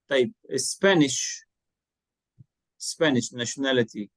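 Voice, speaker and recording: A man's voice: fairly high pitch, lively intonation, takes it slowly, pauses often, no room sound, low-quality recording. A man teaching an English lesson, patiently repeating words and spelling them out letter by letter. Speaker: English tutor. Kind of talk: online one-to-one English lesson.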